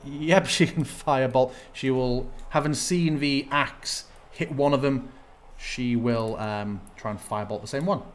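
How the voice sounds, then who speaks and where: A man's voice: mid-range voice, a little slow, a little hiss or hum. A man narrating a tabletop game as game master, thinking aloud as he checks rules.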